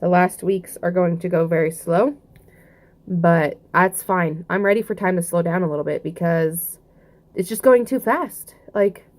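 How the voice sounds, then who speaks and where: A woman's voice: fairly low pitch, unhurried. A young woman with a Southern US accent, chatting casually in a rambling vlog update, full of fillers and restarts. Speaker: vlogger.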